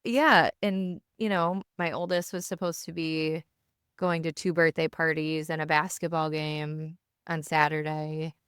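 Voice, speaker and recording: Woman, 30s, low pitch, podcast co-host, casual chat, halting with fillers, dry close sound. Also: level tone, clear, resonant tone, dry recording. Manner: halting, full of "like" fillers and restarts. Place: home basement.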